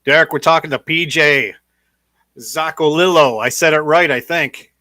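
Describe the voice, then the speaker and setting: A man hosting a loose chat, teasing playfully and greeting listeners. His voice is a little high and bright, and the sound is dry and close. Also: normal speed, no echo. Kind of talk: casual chat.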